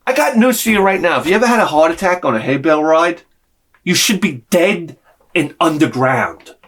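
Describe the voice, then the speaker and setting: A man telling a personal story in an animated way, swearing freely and acting out the people in it. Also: on the high side, moderate pace. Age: adult with a young son. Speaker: video creator.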